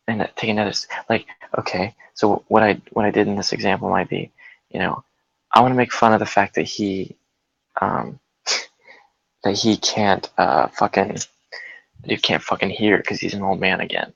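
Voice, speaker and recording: A man's voice: on the low side, fairly even intonation, normal speed, vocal fry, a bit bright, breathy edge, dry recording, highs cut off. A man in casual chat, rambling through a story with many fillers and laughing as he goes. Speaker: guest.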